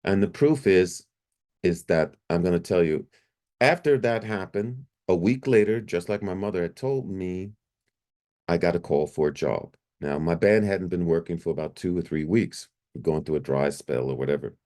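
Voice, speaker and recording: A middle-aged man recounting his near-death experience in a lively, repetitive storytelling way, restarting sentences often. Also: normal speed. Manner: animated, jumps higher when quoting himself; repeats himself, restarts often. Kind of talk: personal storytelling.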